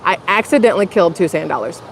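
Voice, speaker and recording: A woman's voice: lowish voice, expressive, fast. Chatty vlogger woman, rambling story, faint street noise behind. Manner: chatty, rambling, self-conscious, addresses viewers as y'all. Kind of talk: casual storytelling vlog. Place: outdoors in a public spot.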